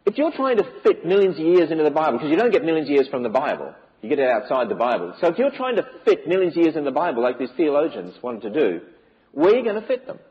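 A man's voice: a little high, big pitch swings, quick pace, muffled recording. A man giving an emphatic preaching lecture to a church audience, with many rhetorical questions. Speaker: speaker on biblical creation.

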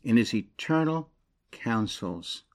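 A middle-aged man preaching a sermon. He reads scripture aloud and swells to loud, high-pitched emphasis, then sinks to hushed, low phrases. His voice sits at an ordinary male pitch. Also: expressive, slow pace.

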